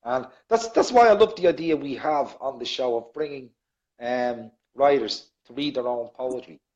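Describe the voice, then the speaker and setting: A man's voice: medium pitch, normal speed, darkish tone, highs cut off. A man hosting a casual online chat show, effusive and jokey, laughing a lot with his guest. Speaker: show host.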